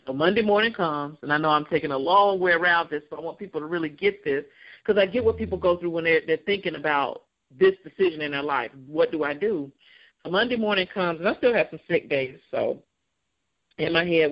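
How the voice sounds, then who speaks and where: Animated woman telling her own story. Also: low voice, a little fast, dull audio. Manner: animated, acts out voices of people in her story; laughs often while talking. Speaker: guest. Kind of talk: personal storytelling in an interview.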